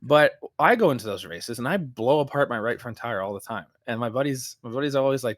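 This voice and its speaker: A man co-hosting a podcast in casual chat, telling stories in an animated way with lots of restarts and fillers. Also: mid-range voice, fast talker, hardly any pauses, no room sound, clean studio sound. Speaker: podcast co-host.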